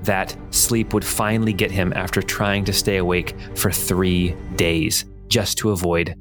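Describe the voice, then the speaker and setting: Man, game master, low voice, relaxed recap, soft background music. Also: unhurried. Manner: relaxed, with frequent ums and laughs. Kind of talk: recapping and narrating a tabletop game.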